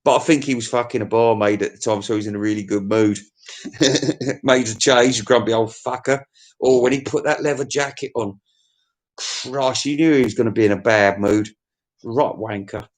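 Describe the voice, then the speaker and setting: A man's voice: medium pitch, steady tone, normal speed. A man giving a rambling, crude comic monologue, swearing freely and chuckling as he reviews albums.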